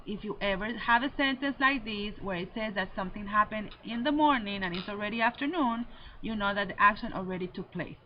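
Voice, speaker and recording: A woman Spanish teacher giving a recorded lesson, slowly and deliberately drilling verb endings. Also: medium pitch. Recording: slightly dull lo-fi audio with faint noise.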